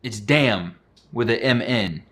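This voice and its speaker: A man voicing a cheeky schoolkid who gives flat, matter-of-fact answers at roll call. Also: mid-range voice, slow pace, pitched below the performer's own voice. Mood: deadpan.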